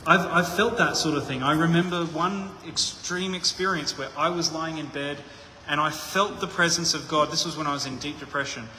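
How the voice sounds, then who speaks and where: A man's voice: fairly high pitch, fairly even intonation, normal speed, few pauses, pushed and bright, a little hiss or hum. A man preaching a conversational sermon, thinking aloud with frequent restarts. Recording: echoey hall with long reverb.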